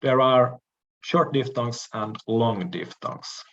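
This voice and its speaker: Male lecturer, slow and measured, hesitant "uh" pauses, muffled lo-fi recording. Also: medium pitch, fairly bright tone. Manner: measured, explanatory, frequent "uh" pauses and restarts. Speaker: language lecturer.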